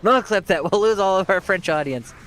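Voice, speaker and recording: A man's voice: sits high, fast talker, fairly bright tone, smooth. A man streaming a game, giving casual commentary while chatting with his viewers, joking at his own expense and laughing often.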